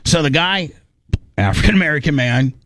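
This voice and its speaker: A man's voice: fairly high pitch, brisk, no echo, studio quality. Man telling a rambling story. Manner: animated, rambling, acts out quotes. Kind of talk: casual storytelling.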